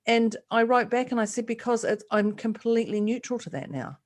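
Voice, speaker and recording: A podcast co-host chats casually, telling stories with animation and performing the voices of the people she quotes. Her voice is fairly high and fairly quick.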